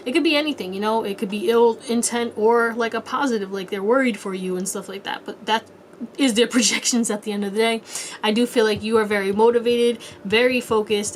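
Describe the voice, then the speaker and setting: A young woman with a fairly high voice gives a laid-back pick-a-card tarot reading as the tarot reader. She's chatty and rambles, adding playful asides, over slight background noise.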